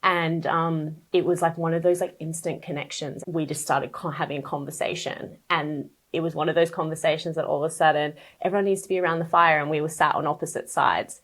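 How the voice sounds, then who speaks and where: A woman's voice: sits low, steady tone, brisk, hardly any pauses, fairly bright tone. A woman speaking as a podcast guest, sharing a personal story in a casual, chatty way, full of fillers and open emotion.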